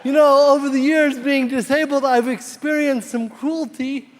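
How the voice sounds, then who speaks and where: Male stand-up, high voice, self-mocking punchlines, stage mic in a big reverberant hall. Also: steady tone, moderate pace. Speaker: stand-up comedian. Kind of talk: stand-up comedy set. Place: large theater stage before a live audience. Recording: reverberant hall with loud crowd noise.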